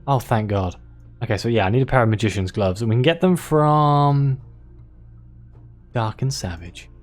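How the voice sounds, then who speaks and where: Wry, lively-voiced man reading a game. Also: mid-range voice, normal speed, soft background music. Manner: wry, chatty asides. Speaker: let's play host. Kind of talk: reading an interactive fiction game aloud.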